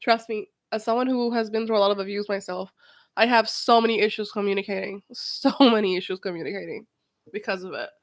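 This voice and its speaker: A woman's voice: medium pitch, fairly even intonation, fast, no room sound. A woman giving casual reaction commentary, emphatic and indignant as she talks over a show she is watching.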